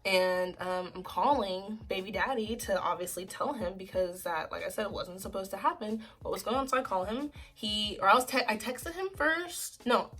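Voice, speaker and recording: A woman's voice: medium pitch, normal speed, hardly any pauses, fairly bright tone, breathy edge, faint music behind. A woman in her twenties telling a personal story in a casual vlog, rambling and emotional, with lots of "like" and "freaking". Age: 20s. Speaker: vlogger.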